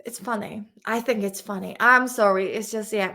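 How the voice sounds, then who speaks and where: A woman's voice: medium pitch, steady tone, normal speed, bright, forceful tone. A woman English teacher in a casual live-stream vocabulary lesson, chatty and laughing often. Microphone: desk camera mic on a makeshift stand.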